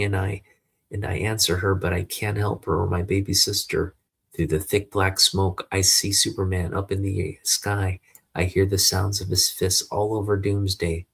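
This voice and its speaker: A man's voice: deep voice, flat delivery, normal speed, gravelly, breathy edge. A man reading a comic book aloud as narration, giving each character a dramatic turn.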